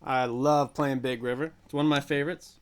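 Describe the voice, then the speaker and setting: A man co-hosting a music livestream, relaxed and joking as he reads viewer comments aloud. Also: mid-range voice, brisk, clean tone. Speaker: co-host and guitarist. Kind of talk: casual livestream chat.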